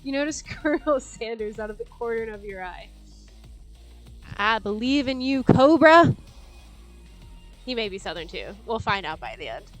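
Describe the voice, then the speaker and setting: A woman's voice: medium pitch, expressive, quick pace, hardly any pauses, faint music behind. A young woman streamer reading a video game's text aloud, joking and swearing casually as she plays. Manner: playful, jokey, swears casually. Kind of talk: reading a game aloud with commentary.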